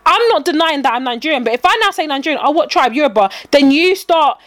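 A young woman chats casually, her voice sitting a little high. She tells stories animatedly, losing her thread and restarting sentences. The sound is dry and close, with no room around it. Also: fast talker, dry recording. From England. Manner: animated storyteller, trails off and restarts. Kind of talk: casual chat.

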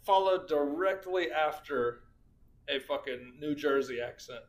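A man's voice: a little high, unhurried. A man co-hosting a casual podcast, riffing on jokes and swearing a lot. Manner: animated, profane, riffing on jokes. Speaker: podcast co-host. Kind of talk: casual true-crime podcast chat.

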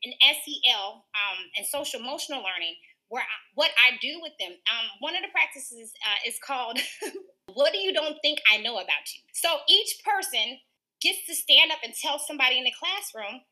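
Woman teacher in her thirties, high bright voice, earnest, laughs easily, interview answers. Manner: warm, earnest, laughs often.

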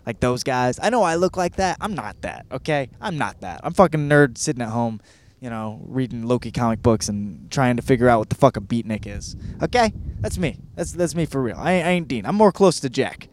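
A man's voice: medium pitch, animated, a little fast, a little hiss or hum. A man in his thirties from Michigan, hosting a podcast and reviewing a book in a rambling, profane, self-deprecating monologue. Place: California.

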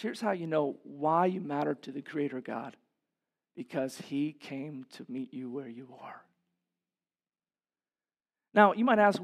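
A man preaching a sermon as pastor in a church. He is impassioned, asks the congregation rhetorical questions, and swings from loud, emphatic peaks down to hushed, low passages.

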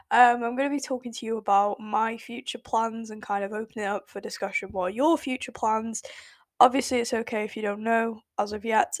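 A young English woman of eighteen with an English accent talks through a casual solo podcast episode. Her voice sits a little high, and she rambles, corrects herself and fills pauses with ums and likes. The sound is close and dry, with no room around it. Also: no room sound. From England. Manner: rambling, chatty, self-correcting with frequent fillers. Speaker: podcast host.

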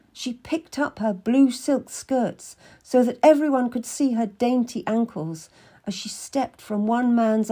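A woman's voice: medium pitch, warm tone, breathy edge. A woman reading a first-person story aloud in an earnest, emotive way. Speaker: narrator.

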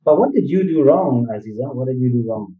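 A man's voice: medium pitch, animated, a little fast. A man guest in an interview, speaking earnestly and explaining his points through analogies and rhetorical questions. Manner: earnest, repeats phrases, asks rhetorical questions. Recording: distant, roomy, dull-sounding mic.

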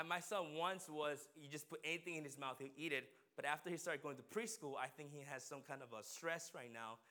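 A man's voice: a little high, bright, forceful tone. A man preaching a conversational sermon, chatting with the congregation and asking people questions by name. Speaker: pastor.

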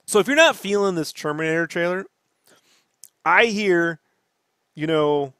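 A man riffs on a podcast in a slightly high voice, profane and worked up as he rants. The sound is close and dry, with no room around him. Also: measured pace, smooth, no room sound. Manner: profane, ranting, animated. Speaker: podcast host. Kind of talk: casual podcast chat.

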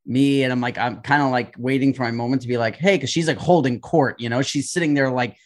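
A man co-hosting a podcast, telling a story in casual chat and acting out the people he quotes. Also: fast. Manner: animated, acts out quoted voices with big pitch jumps. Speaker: podcast co-host.

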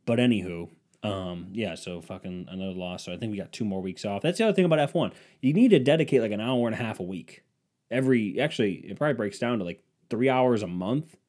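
Young male host, casual comedic rant, sarcastic, warm low-toned voice. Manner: sarcastic, swings from loud bursts to muttered grumbling.

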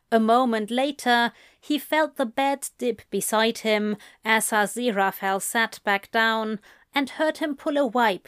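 A woman narrating a fan fiction story in a calm, unhurried way. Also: medium pitch, clean tone, no echo, clean studio sound.

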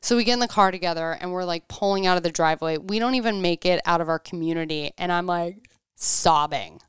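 A woman's voice: lowish voice, brisk, clear, resonant tone, no room sound, clean studio sound. A woman in her thirties in casual chat, telling a story animatedly, acting out quotes and saying "like" a lot.

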